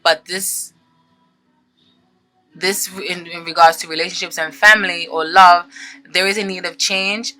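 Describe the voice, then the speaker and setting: A woman's voice: fairly low pitch, sharp tone, poor audio. A woman giving a casual tarot reading to her viewers, chatty and earnest, often checking in with "okay?" as she reads card meanings aloud and comments on them. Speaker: tarot reader.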